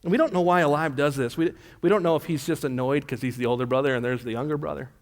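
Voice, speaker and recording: A male pastor preaches a sermon, retelling scripture in an easygoing, conversational way. His voice sits somewhat high for a man. A long reverb trails him through the church hall. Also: fast talker. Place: church sanctuary.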